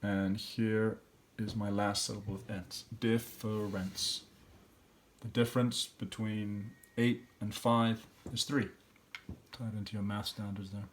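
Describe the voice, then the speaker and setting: Here a man teaches a class, talking through practice questions one step at a time and sounding out letters and syllables as he goes. His pitch is fairly low with a slightly bright quality.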